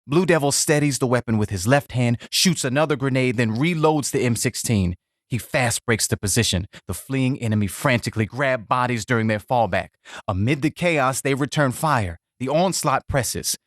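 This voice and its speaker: A man reading a veteran's war essay aloud as scripted narration, grave and measured in short clipped phrases. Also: mid-range voice, dry recording, studio quality.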